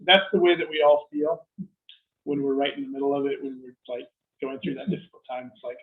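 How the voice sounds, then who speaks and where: Conversational preacher, echoey and tinny. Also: male voice, medium pitch, fairly quick. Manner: conversational, self-interrupting, acts out quoted reactions. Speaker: pastor. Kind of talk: sermon. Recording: echoey room over a tinny phone-like line.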